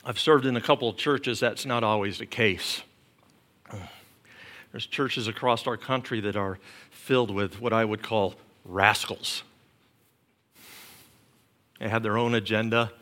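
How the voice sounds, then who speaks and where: A middle-aged man preaching a sermon as pastor, building points through emphatic repetition and dropping to soft murmurs. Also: lowish voice, fairly even intonation, measured pace, pauses often.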